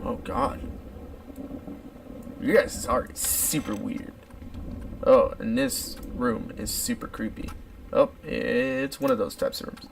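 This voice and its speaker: A man's voice: mid-range voice, slow pace, gravelly, pauses often, far from the mic, a little hiss or hum. A young man hosting a let's play video, joking and mock-dramatic while he plays. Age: young adult. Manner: jokey, animated, mock-dramatic. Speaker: gaming video host.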